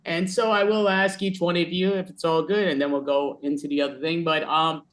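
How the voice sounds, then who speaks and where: Man host, slightly high voice, loose and rambling, video call. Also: fairly even intonation, brisk, a bit bright. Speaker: host of improv show. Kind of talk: casual hosting on a video call.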